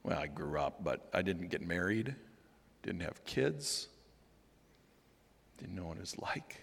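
A man preaching while playing Abel, a young biblical shepherd, speaking softly and earnestly with stumbling restarts, in a reverberant hall. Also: deep voice, big pitch swings, measured pace, vocal fry, breathy edge, voice pushed down, full character voice. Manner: soft-spoken, rambling with restarts.

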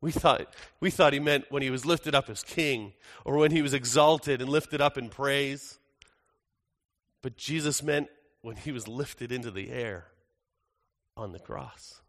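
A man portrays an older apostle John in a first-person dramatic monologue, his earnest delivery shifting between hushed and urgent. His pitch is medium and his pace a little slow, with long reverb from an echoey hall.

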